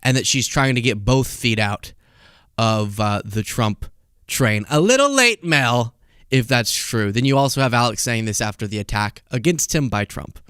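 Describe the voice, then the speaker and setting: A man's voice: medium pitch, lively intonation, normal speed, a bit bright, clean tone, no room sound, studio quality. A man hosting a live show, chatting casually and animatedly, joking and laughing as he talks. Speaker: host. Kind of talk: casual live-stream commentary.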